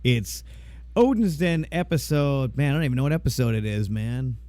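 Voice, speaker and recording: A man's voice: mid-range voice, lively intonation, moderate pace, warm tone, no echo. A man hosting a sports podcast in a laid-back, slightly scattered casual chat. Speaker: podcast host.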